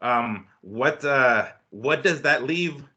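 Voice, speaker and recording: A man's voice: mid-range voice, animated, slow pace, sharp tone, lo-fi sound. A man co-hosting a boxing podcast, talking casually in a rambling, profane way full of restarts. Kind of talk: casual sports chat.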